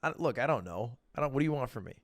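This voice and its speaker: Animated young male streamer, lively voice. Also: medium pitch, racing, no echo, studio quality. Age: young adult. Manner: animated storytelling, acts out voices of people in his story. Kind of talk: casual chat with viewers.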